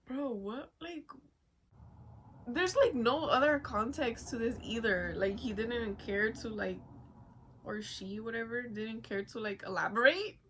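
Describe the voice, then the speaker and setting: A woman vlogger reacting to online posts in loose, casual commentary. She talks in an animated, foul-mouthed way, full of laughing asides. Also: on the high side, slow, pauses often, slight background noise, rough recording.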